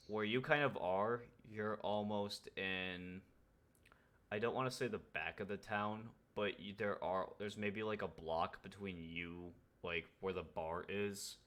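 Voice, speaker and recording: Young male first-time game master, deep low voice, hesitant and filler-heavy narration. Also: bright, forceful tone. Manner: hesitant, many fillers and restarts.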